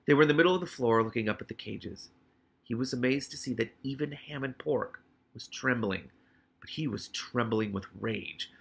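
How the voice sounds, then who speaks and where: Man reading aloud, bright and gravelly. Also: mid-range voice, animated, moderate pace. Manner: blurted, emotional reactions. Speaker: reader and commentator.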